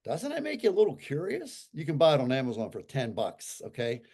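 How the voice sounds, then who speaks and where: A man in his sixties, a guest on an interview, who talks in an animated and emphatic way and repeats his points for effect. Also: medium pitch, brisk, husky. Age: 60s. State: recovering from a stroke. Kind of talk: casual conversational talk.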